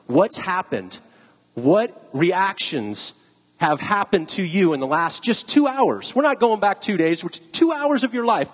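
A man preaching in a relaxed, talky way, voice a little husky and higher than most. He throws questions out to the room. The sound rings with a long hall reverb. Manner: conversational, asks the audience questions. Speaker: pastor. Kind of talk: sermon.

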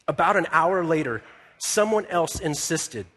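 Male pastor, sermon, slightly high husky voice, storytelling delivery, big reverberant hall. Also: animated, normal speed, fairly bright tone. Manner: conversational storytelling, acts out quoted dialogue. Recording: echoey hall with long reverb.

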